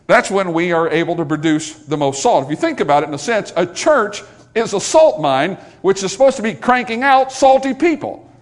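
A middle-aged man preaching a sermon to his congregation, folksy and joking, swinging between soft asides and loud emphatic points. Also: high voice, expressive, moderate pace. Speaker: pastor.

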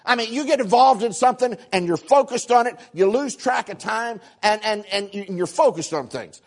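A man delivering a sermon in a slightly high voice, swinging between loud acted-out exclamations and soft asides. He tells homely stories, stumbling over repeated words as he goes. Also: expressive, brisk. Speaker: preacher. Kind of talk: sermon storytelling.

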